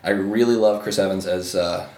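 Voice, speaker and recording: A man's voice: sits low, steady tone, moderate pace, darkish tone. A man co-hosting a casual podcast chat, rambling with frequent restarts. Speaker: podcast co-host. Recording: roomy echo.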